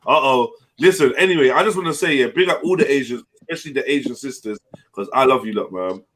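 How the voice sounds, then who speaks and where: A man's voice: medium pitch, fast talker, a bit bright. A man hosting a live panel stream, joking and teasing the other speakers with lots of laughter. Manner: playful teasing, laughs a lot. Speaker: host. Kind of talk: casual banter on a live panel show.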